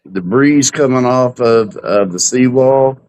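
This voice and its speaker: A man, co-hosting a live cruise talk show, telling folksy stories in a relaxed, unhurried way. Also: mid-range voice, a little hiss or hum. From Texas. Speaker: podcast co-host. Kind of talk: casual chat, storytelling.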